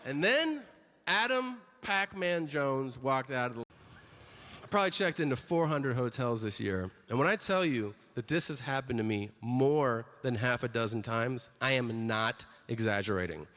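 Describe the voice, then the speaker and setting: Guy doing standup, bright voice that jumps all over the place, acts out people in his stories, big hall echo. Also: medium pitch, lively intonation, normal speed. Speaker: stand-up comedian. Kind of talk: stand-up storytelling. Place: comedy stage. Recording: live stage with long hall reverb, faint ambience.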